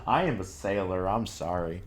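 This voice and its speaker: A man's voice: deep voice, animated, normal speed, a little hiss or hum. A man streaming a video game and chatting with viewers, telling stories with laughter and a lot of swearing. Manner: chatty, laughing storyteller who swears freely. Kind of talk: casual gameplay chat with viewers.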